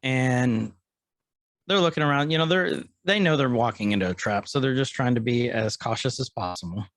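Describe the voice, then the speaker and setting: A man's voice: mid-range voice, moderate pace, fairly bright tone, dry recording. A man co-hosting a podcast, casually retelling episode scenes and quoting the characters. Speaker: podcast co-host.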